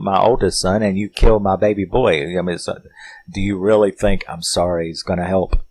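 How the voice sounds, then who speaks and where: A man's voice: sits low, fairly even intonation, normal speed, darkish tone, poor audio. A man giving a casual, rambling horror film review, swearing freely and chuckling, with plenty of filler words.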